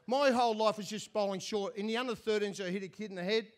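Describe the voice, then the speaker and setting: A man's voice: sits high, quick pace. An Australian man telling comic stories as an after-dinner speaker, dry and self-mocking.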